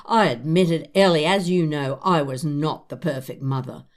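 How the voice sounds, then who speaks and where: An older woman hosting a podcast, chatting with an old friend in a gentle, reassuring, reflective way. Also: sits low, lively intonation, normal speed. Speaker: podcast host. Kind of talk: casual chat between old friends.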